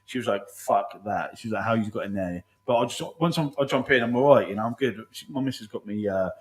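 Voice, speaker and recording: Fast-talking bloke swearing away. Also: male voice, lowish voice. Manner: rapid, rambling, heavy swearing, lots of "mate". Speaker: podcast host. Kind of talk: casual chat.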